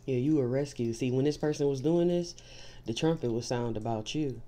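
A woman's voice: rumbling low, brisk, mellow. A woman doing a spiritual tarot reading, speaking straight to the listener in an emphatic, reassuring way and often starting points with "see.". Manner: emphatic, repeats "see" to drive points home; reassuring, direct address to the listener. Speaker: tarot reader.

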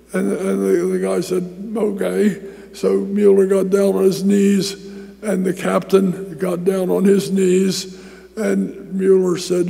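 A male pastor with a gravelly, mellow voice tells a sermon story, circling back over his words as he goes. His pitch sits high but barely moves. The sound carries a long hall reverb. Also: completely flat delivery, unhurried. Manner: storytelling with many repeated words and restarts.

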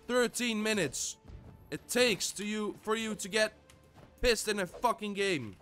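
Young guy cursing at his game, slow talk but voice jumps all over, mutters to himself. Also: high-pitched, animated, bright, forceful tone, faint music behind. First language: Dutch. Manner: frustrated, swears constantly. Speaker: gamer. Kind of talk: live gameplay commentary.

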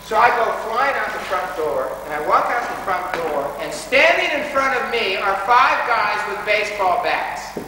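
A man's voice: high voice, animated, normal speed, few pauses, noisy background. A man giving a dramatic personal storytelling talk to a school assembly, recorded from far off in a large hall. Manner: dramatic, rises to pleading shouts. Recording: distant echoey hall recording.

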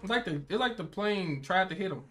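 Lively bright-voiced young man reacting. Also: sits high, brisk. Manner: animated, slangy, jokey running commentary. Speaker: reaction video co-host. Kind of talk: casual reaction commentary.

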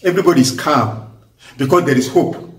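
A man with a Nigerian accent giving impassioned political commentary, forceful and emphatic, hammering points through repetition. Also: a little high, a little fast. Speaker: vlogger. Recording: echoey room, voice distant from mic.

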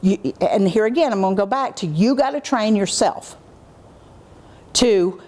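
A middle-aged woman presenting a teacher training workshop, lively, and acting out what she says to children in a lowered, measured voice. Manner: animated, acts out what she says to kids in a dropped, measured voice. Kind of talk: workshop lecture.

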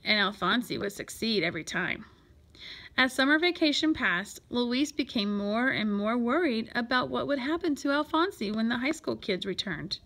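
A woman reads a children's picture book aloud in an expressive storytelling voice. Her tone is bright and sits high, with an animated, swooping melody. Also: moderate pace. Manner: expressive and lively.

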